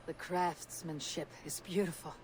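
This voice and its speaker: A woman's voice: fairly low pitch, steady tone, measured pace, slight background noise, lightly acted. A woman voicing a bold Viking warrior. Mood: confident. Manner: confident, blunt. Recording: game audio over loud city ambience.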